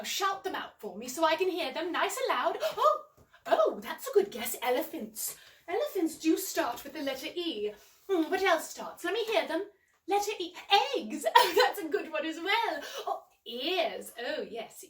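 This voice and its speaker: Staying in character as a prim, cheery English nanny, an English-accented woman runs a storytime for kids, encouraging the little ones watching from home. She sits high in pitch and bursts with gasps, exclamations and bright "oh"s, heard from a distance in an echoing room.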